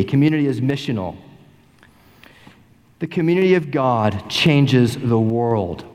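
A middle-aged male pastor preaching an animated sermon, full of repeated rhetorical questions. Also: mid-range voice, measured pace. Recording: long reverb in a large sanctuary.

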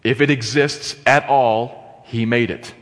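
A man preaching a sermon, swinging between quiet, measured teaching and impassioned exclamations and rhetorical questions. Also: mid-range voice, steady tone. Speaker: pastor. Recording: long hall reverb.

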